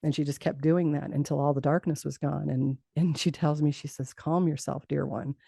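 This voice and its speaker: A middle-aged woman telling a personal story in an interview, lively and acting out what others said, with frequent laughs. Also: low-pitched, fairly quick, vocal fry, slightly rough, dry recording. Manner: animated storytelling, acts out quoted voices, laughs often. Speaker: guest.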